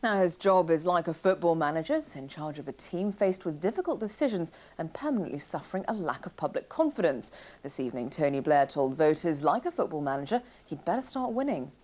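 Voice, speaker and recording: A woman news anchor reading the evening bulletin in a measured, formal way. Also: deep voice, big pitch swings, a little mellow.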